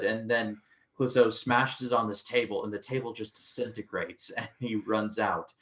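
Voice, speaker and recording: A man's voice: lowish voice, level tone, normal speed, fairly bright tone. A man co-hosting a film review podcast, chatting casually and stumbling through restarts as he retells scenes.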